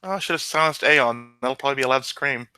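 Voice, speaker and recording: A man plays in a tabletop game, tossing in quick joking asides. His voice is very bright and forceful, recorded close and completely dry. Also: mid-range voice, clear, resonant tone, no room sound, low-quality recording. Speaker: player. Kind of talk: tabletop role-play.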